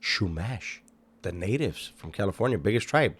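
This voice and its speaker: A man's voice: on the low side, animated, normal speed, a bit bright, husky. A man hosting a reaction video, making sarcastic, profane and mocking commentary. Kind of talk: casual commentary.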